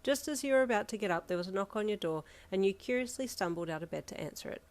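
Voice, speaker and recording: A woman's voice: medium pitch, lively intonation, fast. A woman narrating a second-person fan fiction story in a casual storytelling manner.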